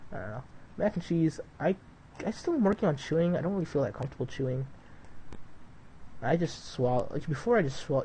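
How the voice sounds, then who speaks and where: A man's voice: medium pitch, creaky, warm tone, a little hiss or hum, rough recording. Rambling young man streaming a flight sim. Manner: rambling and loose, with lots of "dude" and "like"; chats to viewers between flight checks. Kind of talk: casual live-stream chat.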